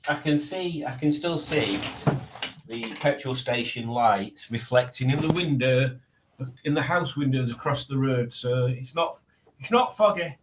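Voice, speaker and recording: A man's voice: medium pitch, unhurried, echoey room, noisy background. A man hosting a casual livestream at home, rambling as he reads chat messages aloud. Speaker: livestream host reading chat. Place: at home, indoors.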